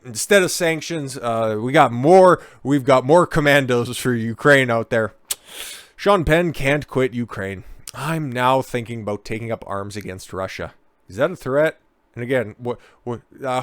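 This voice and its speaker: A man's voice: mid-range voice, clear, resonant tone, no echo. A man giving sarcastic, profane commentary on news clips, mocking them with frequent asides. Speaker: political commentator.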